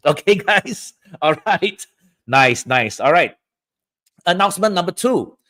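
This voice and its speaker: A man's voice: sits high, lively intonation, unhurried, fairly bright tone. A man from Southeast Asia hosting a live-streamed feng shui talk, chatty and often checking in with "all right" and "okay, guys".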